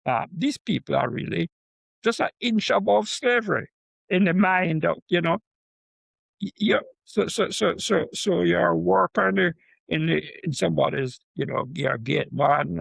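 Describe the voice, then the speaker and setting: Gravelly older man telling stories. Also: a little high, unhurried, dry recording. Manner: animated storyteller with repeated asides like "right?". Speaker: guest professor. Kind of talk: conversational interview.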